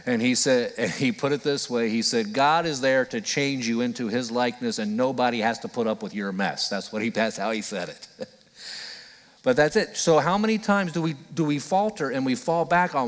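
A male pastor delivers an earnest, conversational sermon at a middle pitch. He slips into the voices of the people he quotes to act them out. His voice carries a long reverb from a large church hall. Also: lively intonation, normal speed.

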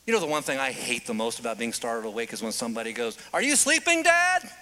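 A man preaching a sermon, telling the story with animated delivery and dramatic pauses. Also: medium pitch, a little hiss or hum.

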